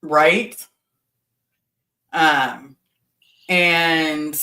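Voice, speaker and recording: A woman's voice: low-pitched, fairly bright tone, reverberant, recorded from a distance, low-quality recording. A woman talking bluntly and candidly as a guest in a casual chat, swearing now and then.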